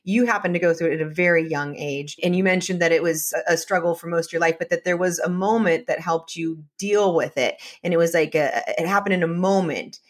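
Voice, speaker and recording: A woman hosting an interview asks her guest questions with open, warm curiosity. Her voice sits a little lower than most. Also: fairly even intonation, fairly quick, hardly any pauses. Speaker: podcast host. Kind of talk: interview conversation.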